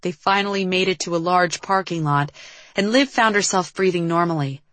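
A woman narrating a novel as an audiobook, in a steady storytelling manner. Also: fairly low pitch, moderate pace, no echo. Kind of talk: scripted narration.

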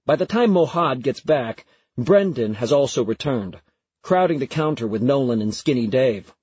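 A man narrating a first-person story in a lively, conversational way with a husky voice. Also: medium pitch, normal speed, no room sound. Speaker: audiobook narrator. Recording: dry, slightly muffled recording.

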